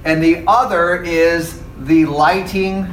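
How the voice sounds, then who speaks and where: A man's voice: fairly high pitch, fairly even intonation, slow, slight background noise. A man teaching a Bible class in a casual lecture style, conversational and often checking in with his listeners. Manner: conversational, checks in with "okay?" and "right?".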